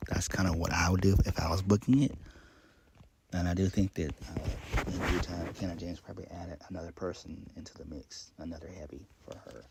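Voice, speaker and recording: A man's voice: low voice, steady tone, a little fast, vocal fry, very noisy. A man casually recapping a wrestling show, rambling with many ums and uhs in a laid-back way.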